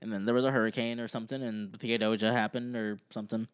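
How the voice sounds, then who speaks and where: A man's voice: on the low side, flat delivery, quick pace, clean tone. Joking young podcast co-host, man. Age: young adult. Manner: joking, laughs often, lists items off. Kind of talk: casual chat, reading quiz options aloud.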